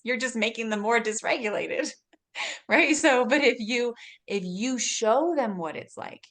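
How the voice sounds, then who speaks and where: A woman's voice: medium pitch, expressive, normal speed, a bit bright. A woman in her forties, a guest speaker giving earnest parenting advice, often laughing and acting out short exchanges. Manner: earnest, laughs often, acts out little dialogues. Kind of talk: warm advice talk.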